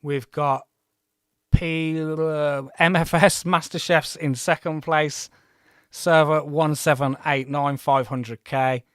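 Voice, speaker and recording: A man's voice: a little high, fairly even intonation, slow pace, smooth, dry recording, studio quality. A man in his forties hosting a gaming livestream, chatting in a rambling, self-deprecating way. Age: 40s. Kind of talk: casual livestream commentary.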